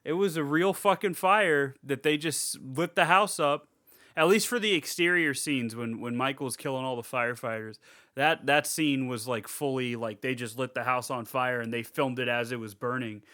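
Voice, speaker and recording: A man co-hosts a podcast, chatting casually about a horror movie in a review-style conversation. His voice is medium-pitched at a moderate pace, and he's animated, swearing freely and acting out scenes in funny voices.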